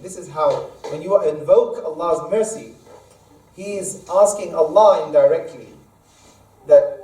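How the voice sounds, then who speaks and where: A man, an imam, leading a Quran study lesson, explaining verses at length and reciting Arabic quickly, recorded in an echoey mosque hall from a distance. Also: fairly high pitch, a little mellow. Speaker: imam teaching a study circle. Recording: echoey room, mic far off.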